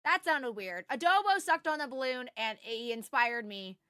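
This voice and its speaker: Woman streamer, bright and high, dry close mic, excitable and profane. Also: normal speed, clean tone, no room sound. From Canada. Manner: excitable, swears, laughs often, coos at her dogs. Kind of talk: casual livestream gaming chat.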